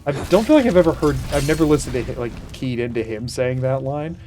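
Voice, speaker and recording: A man's voice: medium pitch, faint music behind. A man streaming a video game live, reacting with playful mock outrage and chatting with his viewers. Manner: animated, mock outrage, quick asides to chat. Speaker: gaming streamer. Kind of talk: live gameplay commentary.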